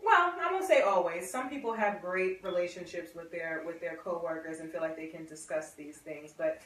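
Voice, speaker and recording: A woman's voice: lowish voice, normal speed, a bit bright. A woman moderating a casual panel discussion and posing open questions to the group. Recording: echoey room, mic far off.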